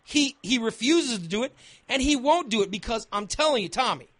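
A man's voice: very high-pitched, animated, brisk, a bit bright, no room sound. A man hosting a talk radio show, arguing his point emphatically and repeating phrases as he builds his case. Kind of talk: opinionated talk radio debate.

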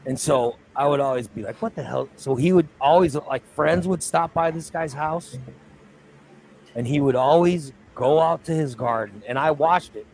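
A man with a slightly high, gravelly voice rambles through a story in coarse, casual chat. He talks like a morning-show regular. Faint noise sits behind him. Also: moderate pace, darkish tone, poor audio. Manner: rambling storyteller, crude language. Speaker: radio show co-host.

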